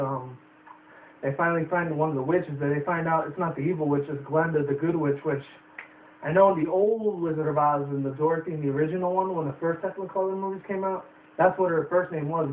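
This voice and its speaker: A man's voice: fairly high pitch, fairly even intonation, a little fast, distant mic, a little hiss or hum. A young man reviewing a movie in a rambling casual way, swearing often and using lots of fillers. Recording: tinny phone-like roomy sound from afar.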